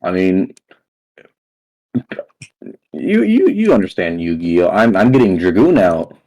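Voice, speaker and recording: A young man with a very deep, low voice chats while playing a tabletop game. He jokes around in slang and swears freely. His tone stays loose and casual. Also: big pitch swings, moderate pace, darkish tone, poor audio. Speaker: player.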